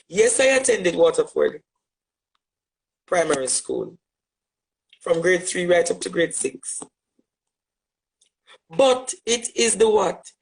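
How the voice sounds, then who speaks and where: Addressing viewers head-on, this Jamaican-accented social media commentator is passionate and forceful, using rhetoric and repeated phrases to drive points home. His voice sits high and creaky, and the recording quality is low.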